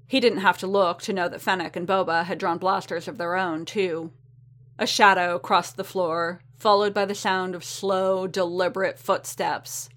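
A woman narrating a story in a steady, even reading voice. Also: lowish voice. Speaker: reader.

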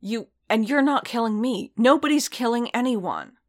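A woman voicing a tired, guilt-torn male warrior who speaks in a hushed, restrained way. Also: on the low side, steady tone, a little slow. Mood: tired firm.

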